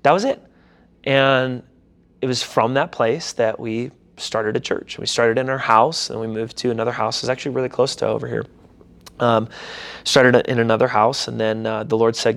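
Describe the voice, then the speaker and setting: Gravelly young man telling his story. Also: medium pitch, a little fast. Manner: animated, slangy, acts out his own reactions. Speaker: pastor and church founder. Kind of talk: casual interview storytelling.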